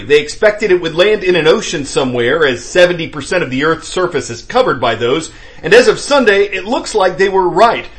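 A man reading the news as anchor in a brisk, clear newsreader delivery. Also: high-pitched, fairly bright tone. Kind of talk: scripted news narration.

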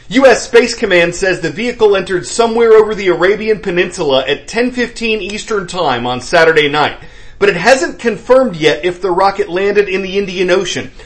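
A man reading the news as anchor in a brisk, clear newsreader delivery. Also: high voice, fairly bright tone. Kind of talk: scripted news narration.

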